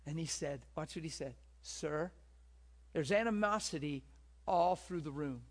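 A man preaching to a gathered room, spinning a story and checking in with his listeners again and again. His voice sits a little higher than most men's. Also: unhurried. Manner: storytelling, asks the room questions. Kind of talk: sermon. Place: room with a live audience.

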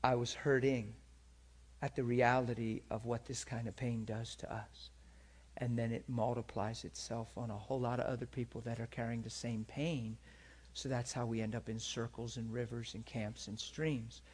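A man's voice: medium pitch, little pitch movement, moderate pace, a little mellow, breathy edge. A man preaching a storytelling sermon in an earnest way, often checking that his listeners follow him.

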